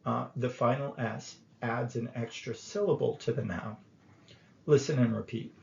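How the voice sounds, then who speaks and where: Male grammar teacher, deliberate and unhurried, gravelly tone. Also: mid-range voice, fairly even intonation, echoey room. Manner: slow, deliberate, with pauses and filler. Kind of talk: explaining grammar lesson. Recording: dull lo-fi recording.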